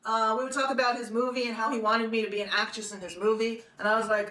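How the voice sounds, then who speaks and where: A woman's voice: fairly high pitch, fairly even intonation, quick pace, over music. A woman in her sixties telling a long personal story in a chatty, rambling way, often laughing. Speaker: podcast host. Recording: roomy, distant from the mic, faint noise.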